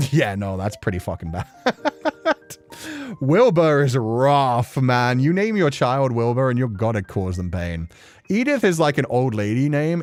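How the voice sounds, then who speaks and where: A man streaming from his apartment, chatting casually and laughing often while he plays a game. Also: mid-range voice. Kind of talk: casual live-stream commentary while reading a game aloud. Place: home apartment.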